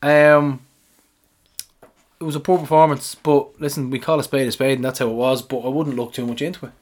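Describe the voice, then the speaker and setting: A man's voice: medium pitch, little pitch movement, fairly quick, a little mellow. A man co-hosting a sports podcast in a blunt, sweary, casual way, laughing easily. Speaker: podcast co-host.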